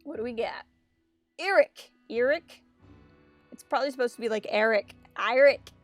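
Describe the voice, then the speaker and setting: A woman's voice: high-pitched, moderate pace, dry recording, soft background music. A woman streaming a story game, reading its text aloud and joking about it in casual, self-mocking chat.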